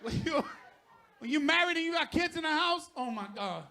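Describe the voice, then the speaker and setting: A middle-aged man doing a stand-up comedy set on stage, profane and shouting out his punchlines. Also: very high voice, expressive, moderate pace, a faint crowd.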